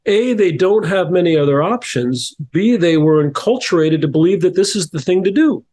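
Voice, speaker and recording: In a high-pitched, darkish voice with lively intonation and a moderate pace, a middle-aged New Jersey man tells stories as a podcast guest. An author and coach, he's thoughtful in this casual interview, restarting frequently and repeating words.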